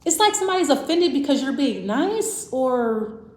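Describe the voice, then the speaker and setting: A woman's voice: sits high, very animated, moderate pace. Woman reading tarot in an echoey room. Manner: rambling, thinking aloud with restarts and self-repeats. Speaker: tarot reader. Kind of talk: casual tarot reading to camera.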